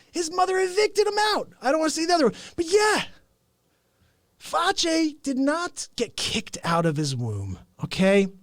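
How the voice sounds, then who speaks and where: A man hosting his show with an improvised, rambling comic rant, mock-indignant and animated. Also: extremely high pitch, no room sound, clean studio sound. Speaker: host.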